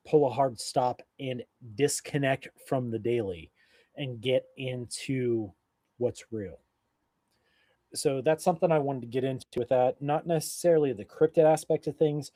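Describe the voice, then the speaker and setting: A man's voice: mid-range voice, warm tone, dry recording. A man co-hosting a casual live drinking stream, rambling and swearing, a little drunk and burping between thoughts. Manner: rambling, profane, loose and tipsy. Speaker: co-host of a live beer-tasting stream.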